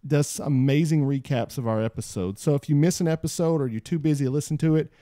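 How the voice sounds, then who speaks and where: A man hosting a podcast in casual chat, reading out listener posts and jumping up in pitch when he wants to stress a point. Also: fast talker, dry recording, studio quality. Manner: animated, jumps high in pitch for emphasis. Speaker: podcast host.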